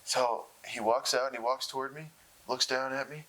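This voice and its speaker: A young man telling stories in a casual interview, laughing often and getting excited. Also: mid-range voice, normal speed, poor audio. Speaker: interview guest. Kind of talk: casual storytelling.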